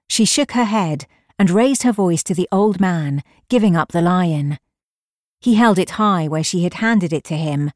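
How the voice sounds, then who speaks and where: A woman reading a literary short story aloud in a measured, unhurried storytelling manner. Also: fairly low pitch, expressive, a little mellow, no echo, clean studio sound. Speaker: reader.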